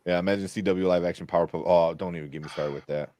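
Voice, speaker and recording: A man's voice: sits low, steady tone, very fast, warm tone, dry recording. A man hosting a casual film podcast, rambling with many fillers and frequent laughs. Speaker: podcast host. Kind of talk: casual chat.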